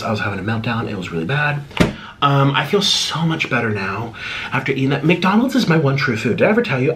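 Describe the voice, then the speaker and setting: A man hosting an eating vlog at home, chatting casually while he eats, swinging between bubbly high exclamations and low mumbled asides. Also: fairly bright tone, slight background noise. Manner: chews and talks while eating. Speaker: mukbang host.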